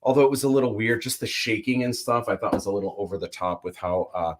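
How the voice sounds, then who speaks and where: A man's voice: fairly low pitch, quick pace. Chatty man rambling about a show. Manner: rambling, animated opinions with many fillers. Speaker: livestream host. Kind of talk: casual chat.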